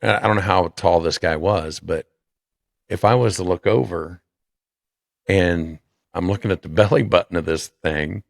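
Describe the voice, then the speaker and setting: A man's voice: low-pitched, normal speed, creaky, dry recording. A man hosting a podcast, reacting in a casual, amused way. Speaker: podcast host. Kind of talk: casual chat.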